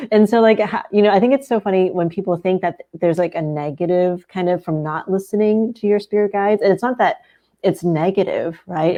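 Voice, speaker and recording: A woman speaking as a podcast guest, talking in a quick, amused, conversational way in casual interview chat. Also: fairly low pitch, dark tone. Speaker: podcast guest, business coach.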